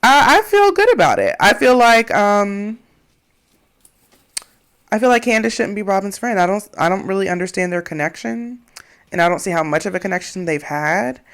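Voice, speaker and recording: A woman walks through the episode beat by beat in a relaxed recap chat. Her voice sits at an even middle pitch, and she talks plainly, giving her opinions as she goes. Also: moderate pace. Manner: summarizing plot points, plain-spoken. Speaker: podcast co-host. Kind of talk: casual recap narration.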